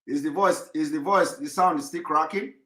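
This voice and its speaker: Insistent man with a cracking, bright voice. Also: on the high side, roomy sound. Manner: insistent, repeats himself with halting restarts. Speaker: live-stream broadcaster. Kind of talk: live online broadcast talk.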